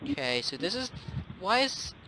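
A young man hosting a gaming session, cheering, shouting and joking as he plays. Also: high voice, big pitch swings, moderate pace, heavy background noise. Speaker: game channel host. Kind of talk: excited gaming commentary.

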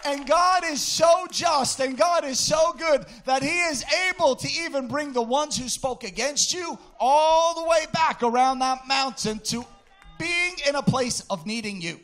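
An impassioned male preacher with a very high, bright voice. He speaks slowly and deliberately, then bursts into shouting and sing-song cadences. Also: faint music behind. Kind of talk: sermon.

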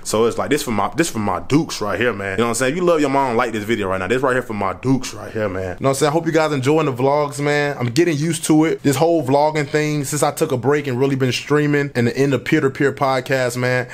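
A young man, chatting to camera in a casual vlog. His voice sits at an everyday middle pitch. He talks loosely and with heavy slang, and he keeps dropping in "you know what I'm saying". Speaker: vlogger.

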